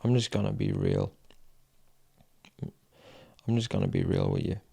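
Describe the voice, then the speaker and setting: A young man telling a painful personal story in a raw, frank way, swearing often and pausing with sighs. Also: lowish voice, huge pitch swings, gravelly, warm tone, breathy edge. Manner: halting, with long pauses and sighs. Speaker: fitness vlogger.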